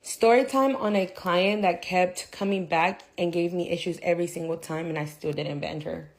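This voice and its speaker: Brief: young woman, a little low-pitched, slangy storytime voice, dry close sound. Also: normal speed, no echo. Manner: animated, slangy retelling with quoted dialogue. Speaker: nail technician. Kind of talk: casual storytime.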